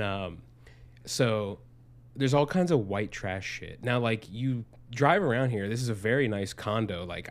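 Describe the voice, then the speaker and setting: Young guy rambling thru a podcast story, lots of likes and swearing, lowish voice. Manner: rambling, profane, lots of fillers. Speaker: podcast co-host. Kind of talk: casual storytelling. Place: Arizona.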